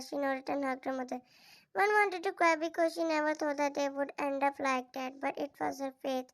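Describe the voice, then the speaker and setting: Female fan fiction reader, high flat voice, halting delivery with slips. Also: no room sound. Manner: halting reading with restarts and slips. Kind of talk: reading fan fiction aloud.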